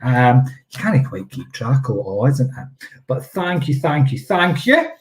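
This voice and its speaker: A man's voice: medium pitch, sing-song, measured pace, echoey room. A man working as a psychic medium, giving chatty, playful live-stream readings and often checking in with "okay?".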